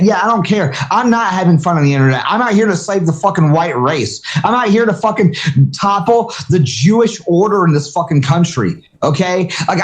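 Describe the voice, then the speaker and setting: A man hosting a live audio chat, ranting heatedly with constant swearing. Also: high voice. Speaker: host of an audio chat room.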